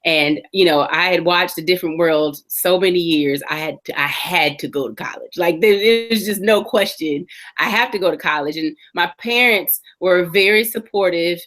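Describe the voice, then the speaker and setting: A woman in her forties, an interview guest, earnestly telling her personal story with reflective pauses and restarts. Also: on the low side, a bit bright.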